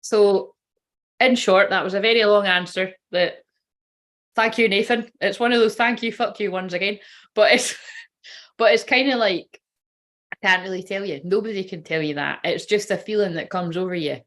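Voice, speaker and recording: A woman's voice: mid-range voice, moderate pace, a bit bright. A woman who works as a spiritual reader, chatting casually on a livestream, rambling, giggling and swearing freely.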